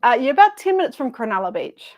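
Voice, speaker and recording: A woman's voice: high voice, quick pace. A middle-aged woman, a quilting guest telling stories in a chatty, easy-laughing way. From New Zealand. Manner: chatty, laughs easily, lively storyteller. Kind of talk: casual chat.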